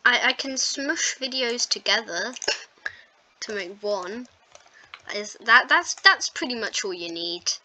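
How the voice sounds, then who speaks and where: Bright-voiced woman rambling over gameplay. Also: a little high, lively intonation, slow pace, slight background noise. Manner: rambling, self-mocking chatter. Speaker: gaming video host. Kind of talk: casual gameplay commentary.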